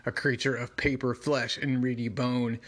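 A man's voice: medium pitch, level tone, moderate pace, fairly bright tone, natural voice. A man voicing an arrogant, menacing ancient horned demon god in a strained, growling monster voice, reading a comic aloud.

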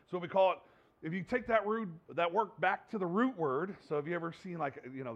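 Brief: male preacher with a very high voice, animated sermon that swings into playful acted-out voices, muffled lo-fi recording. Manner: animated, acts out playful voices and rising exhortations. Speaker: pastor.

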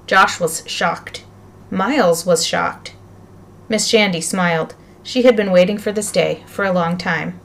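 A woman narrating a children's novel aloud with lively, expressive storytelling. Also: lowish voice, a little slow, creaky. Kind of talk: audiobook reading of a children's novel.

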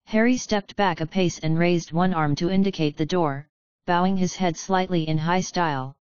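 A woman narrating a chapter of a story in a steady, measured reading style. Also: lowish voice, no room sound, highs cut off. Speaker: audiobook narrator. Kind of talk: scripted narration of a fan fiction chapter.

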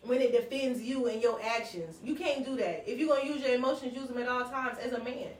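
A woman's voice: a little high, steady tone, quick pace, a little hiss or hum. A woman co-hosting a casual podcast chat, blunt and profane, talking over the others. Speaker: podcast co-host. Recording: echoey room, far from mic.

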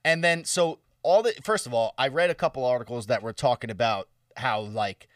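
A man's voice: medium pitch, fairly quick, dry recording. A young man co-hosting a casual chat, joking, swearing and laughing often. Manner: profane, laughing, joking banter. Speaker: podcast co-host. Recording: dry, slightly distant mic.

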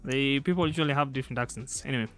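A young Nigerian man with a Nigerian accent co-hosting a casual chat show, animated and quick to laugh. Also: mid-range voice, faint music behind. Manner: laughs often, animated, jokey. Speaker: podcast co-host.

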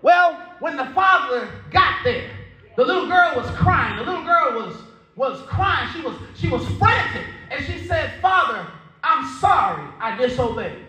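A man preaching a sermon as pastor, telling a story and building to shouts, with a Southern US accent. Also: very high-pitched, expressive, a little slow. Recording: echoey church hall.

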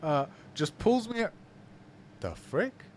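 A man co-hosting a casual podcast, reading listener comments aloud and reacting with quick, animated quips. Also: sits high, a little hiss or hum. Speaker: podcast co-host.

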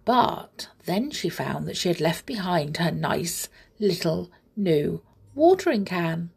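A woman reads a children's story aloud in a slow, lively way, her pitch rising and falling. Her voice is husky with a gravelly edge, and she drops into breathy whispers for asides.

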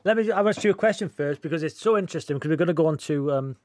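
A man co-hosting a podcast, talking rapidly and repeating himself as he checks he is understood. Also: a little high, dry recording, studio quality. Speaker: podcast co-host. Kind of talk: casual chat.

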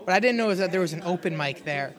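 Comedian guest, high male voice, rambling self-deprecating storyteller, crowd noise behind. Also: expressive, fast. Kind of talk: casual chat.

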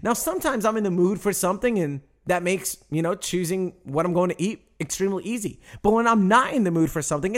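A young adult male pastor preaching a sermon, emphatic and direct with the congregation, stretching out key phrases slowly. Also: sits high. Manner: animated preaching, emphatic with slow drawn-out phrases; addresses congregation directly, asks them to respond.

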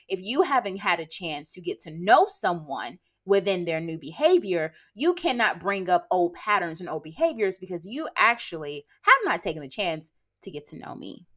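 A woman's voice: fairly low pitch, a bit bright. A woman in her late twenties hosting a podcast, talking bluntly and sarcastically to her listeners and checking in with them with a pointed "okay?". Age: late 20s. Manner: blunt, sassy, lectures listeners with rhetorical "okay?"; sarcastic, quick bursts of laughter. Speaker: podcast host. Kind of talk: casual monologue podcast.

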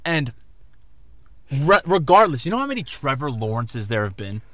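A man co-hosting a casual sports podcast in a mid-pitched voice. He is earnest and answers quickly in short replies, recorded dry and close. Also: very animated, sharp tone, no room sound. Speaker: podcast co-host.

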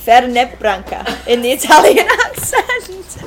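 A woman hosting a blind taste challenge, giggly and quick to exclaim. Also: sits high, very animated, heavy background noise. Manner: giggly, exclaims loudly at bad smells. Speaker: host running a taste challenge. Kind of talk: lively hosting. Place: pub. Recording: busy pub with chatter behind.

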